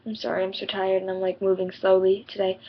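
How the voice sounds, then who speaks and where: A woman's voice: medium pitch, monotone, quick pace, a little hiss or hum. Rambling teenage girl, dull lo-fi audio. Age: teens. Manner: chatty, rambling, full of "like" and "you know". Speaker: vlogger. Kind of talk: casual storytelling to camera.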